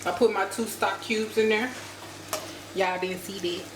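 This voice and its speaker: Woman, from the United States, chatty cooking vlogger, mid-pitched voice, echoey kitchen with clattering noise behind. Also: steady tone, a little slow. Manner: chatty, addresses viewers as y'all. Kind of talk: casual cooking vlog. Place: home kitchen.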